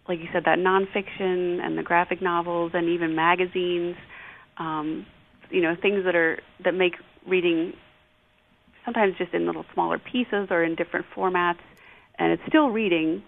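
A woman's voice: fairly low pitch, vocal fry. A woman librarian guest on a radio show, talking casually with many fillers. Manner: relaxed, thinking aloud with fillers. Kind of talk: interview conversation. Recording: tinny phone line.

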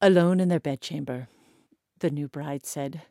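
Woman storyteller, folk tale, animated, expressive, slow, dry. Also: low voice, creaky, no room sound. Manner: animated, expressive, building drama.

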